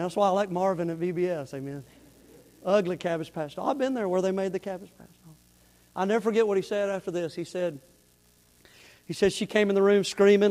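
A man preaching a sermon, telling a story with lively energy before turning soft and earnest. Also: sits high. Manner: animated, rising to near-shouting in the story, dropping soft and earnest for the appeal. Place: church sanctuary. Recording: long hall reverb.

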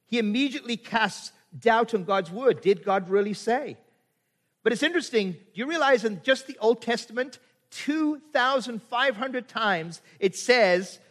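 A middle-aged man with a high voice preaches a sermon. He is from Canada, and he quotes scripture as he goes and keeps asking his listeners rhetorical questions. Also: lively intonation, unhurried, fairly bright tone. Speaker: pastor.

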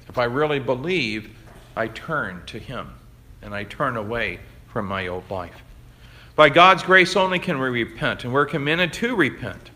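A man's voice: medium pitch, pushed and bright. A man preaching a sermon, earnest and emphatic, with occasional fillers and restarts. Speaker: pastor.

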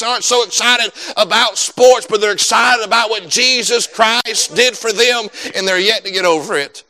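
A pastor praying and then preaching a sermon, fervent and emphatic, rising to loud bursts. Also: male voice, high voice, poor audio.

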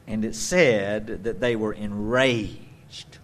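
A man preaching a sermon as pastor, swinging from loud emphatic bursts to quiet conversational asides. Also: fairly low pitch, fairly even intonation, takes it slowly, a little hiss or hum.

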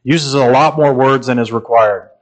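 A man preaching a sermon as a pastor, earnest and measured, pausing and repeating phrases, building to emphatic stretches. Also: medium pitch.

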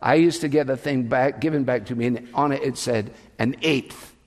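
Pastor preaching in a reverberant hall. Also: male voice, medium pitch, fairly quick, a little mellow. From England. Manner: storytelling, conversational asides. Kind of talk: sermon. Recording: long reverb of a large hall.

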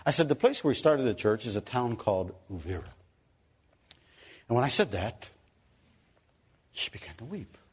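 A man preaches, telling a long story from the pulpit with a husky, somewhat low voice. He swings between loud, emphatic lines and soft, quiet ones. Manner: animated storyteller, rising loud for emphasis then dropping soft. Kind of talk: sermon storytelling.

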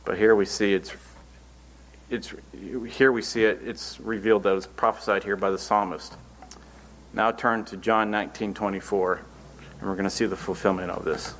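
A man's voice: lowish voice, fairly even intonation, moderate pace, fairly bright tone, a little hiss or hum. A man preaching a Bible-teaching sermon, reading scripture verses aloud and then explaining them in earnest, plain words.

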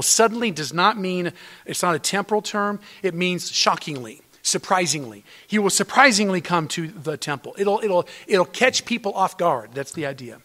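A man preaching a sermon to his congregation as a pastor, swinging between loud emphatic lines and hushed near-whispers. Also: a little high, lively intonation, moderate pace. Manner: addresses congregation as brothers and sisters. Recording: long hall reverb.

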